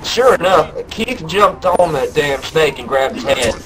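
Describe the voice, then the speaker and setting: A man's voice: fairly high pitch, expressive, unhurried, noisy background. Ellis, a man doing a rambling Southern good ol' boy. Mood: tall tale. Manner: drawling, rambling, bursts into yelling quotes. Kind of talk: in-game voice chat storytelling.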